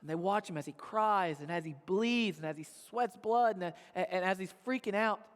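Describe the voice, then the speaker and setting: A man's voice: high-pitched, normal speed. A male pastor telling a sermon story in a casual, conversational way, often checking in with "right?". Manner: conversational, tags lines with "right?". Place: church auditorium. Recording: long church-hall reverb.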